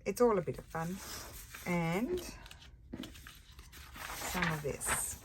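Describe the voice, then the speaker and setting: A woman's voice: fairly low pitch, very animated, slow, heavy background noise. An older woman with an Australian accent, tired, chatting casually and thinking aloud as she works on a craft project. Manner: chatty, easily distracted, thinks aloud while working. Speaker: craft channel host.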